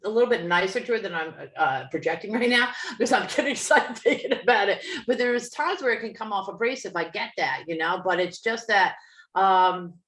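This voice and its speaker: Jersey lady on a podcast, chatty and animated, acts out everybody, kinda echoey room. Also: medium pitch, fairly quick. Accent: New Jersey. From New Jersey. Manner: animated, acts out quoted people, laughs often. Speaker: podcast co-host, medium. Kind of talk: casual storytelling chat.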